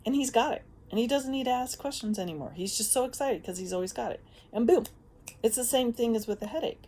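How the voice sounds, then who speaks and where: A woman giving a casual spoken monologue as a self-help vlogger, animated and frank, swearing freely and laughing often. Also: on the high side, fast.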